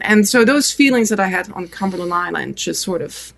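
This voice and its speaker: A middle-aged woman with a French accent, speaking as an interview guest. Her voice is gravelly and mid-pitched. She tells her story in a lively, rambling way, restarting sentences often. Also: brisk, few pauses. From France. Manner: animated, many restarts and fillers. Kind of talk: casual storytelling.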